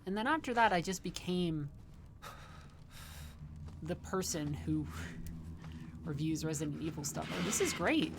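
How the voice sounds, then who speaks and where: Low-voiced woman chatting through a game. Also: animated, unhurried, pauses often, heavy background noise. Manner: chatty, wry, rambling asides. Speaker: livestreamer and game reviewer. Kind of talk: casual gameplay commentary.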